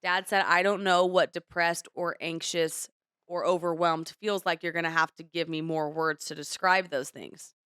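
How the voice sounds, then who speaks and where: A woman's voice: fairly low pitch, steady tone, normal speed, a bit bright, clear, resonant tone, dry recording, clean studio sound. A young adult woman co-hosting a podcast in casual chat, candid and rambling as she opens up. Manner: candid, rambling, emotional retelling. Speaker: podcast co-host.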